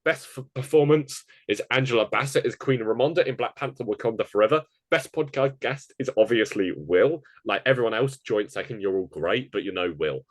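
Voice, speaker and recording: A man's voice: medium pitch, no echo. A man co-hosting a casual podcast chat, rattling off a list of award picks. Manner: chatty, running through award picks in quick lists. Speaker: podcast co-host.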